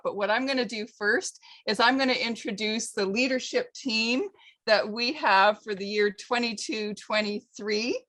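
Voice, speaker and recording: An emotional woman speaking over a video call at a ceremony, laughing as she reads out a list of names. Her voice sits a little higher than most women's. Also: a bit bright. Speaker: incoming district governor. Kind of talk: ceremony speech.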